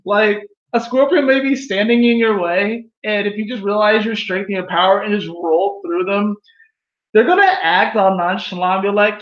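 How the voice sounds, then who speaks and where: Male tarot reader, high and chatty, dull lo-fi home recording. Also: moderate pace. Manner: animated, laughs at own jokes, acts out quoted voices. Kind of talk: casual tarot reading monologue. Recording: echoey room, dull lo-fi sound.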